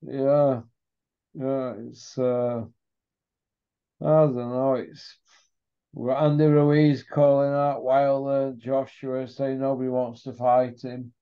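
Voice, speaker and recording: A man co-hosting a podcast, firing off quick questions and laughing at his own jokes. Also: medium pitch, level tone, clear, resonant tone. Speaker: podcast co-host. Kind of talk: casual chat about boxing. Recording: dull lo-fi line.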